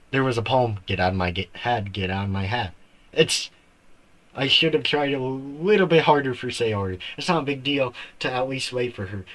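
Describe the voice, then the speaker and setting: A man's voice: lowish voice, a bit bright, poor audio. A man streaming a game live, reading its story text aloud and breaking off into shocked outbursts.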